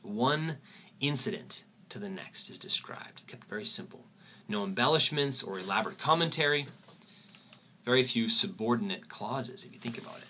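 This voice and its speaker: A man teaching a literature lesson, often pausing and repeating words as he thinks. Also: medium pitch, expressive, pushed and bright, a little hiss or hum. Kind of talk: recorded lecture.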